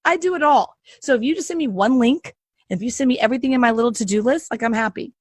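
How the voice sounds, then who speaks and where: A woman's voice: a little high, fast talker, a little mellow, no echo. A middle-aged woman podcast host coaching listeners in a sassy, emphatic monologue, repeating phrases for punch.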